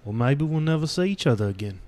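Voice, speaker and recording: A man's voice: a little high, expressive, very slow, a bit bright, full character voice. A man reading a hardened, blunt career thief in a mock British accent for a comedic screen read. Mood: menacing.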